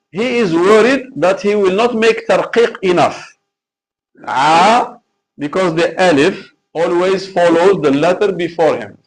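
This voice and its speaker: A man's voice: high voice, low-quality recording. A man teaching Quran recitation in a live lesson, explaining carefully and chanting example verses.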